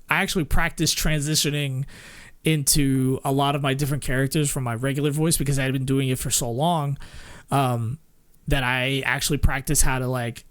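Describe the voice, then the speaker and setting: A man's voice: mid-range voice, dry recording. A man streaming in a casual, rambling way, swearing freely and laughing often.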